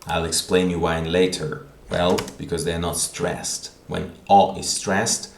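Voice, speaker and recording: A man's voice: sits low, flat delivery, unhurried, gravelly, slight background noise. A man teaching a language lesson on video, patient and repeating words as he thinks aloud. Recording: roomy echo.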